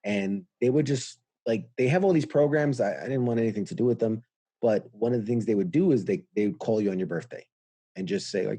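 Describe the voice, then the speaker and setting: A man's voice: medium pitch, a little fast, no echo. A middle-aged man from New York, a veteran guest telling his story candidly and acting out the dialogue he quotes. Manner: acts out quoted dialogue with lively voices.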